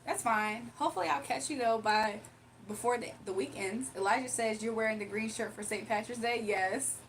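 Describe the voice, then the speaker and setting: A woman's voice: a little high, moderate pace, recorded from a distance, slight background noise. A young woman hosting a casual livestream, chatting, laughing often and reading viewers' comments aloud. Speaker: livestream host doing readings.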